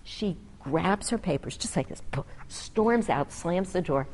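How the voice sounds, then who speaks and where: A woman doctor with a low, mellow voice tells a story in a casual, conversational way. She speaks earnestly and reflectively, and she acts out both sides of the conversation with her patient. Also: animated, measured pace, a little hiss or hum, poor audio. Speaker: physician.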